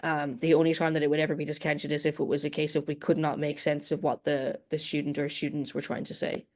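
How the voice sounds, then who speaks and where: A speaker on a video call, explaining things in a measured way. The voice stays level and flat, with mid-range pitch. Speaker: meeting participant. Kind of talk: online meeting answering questions.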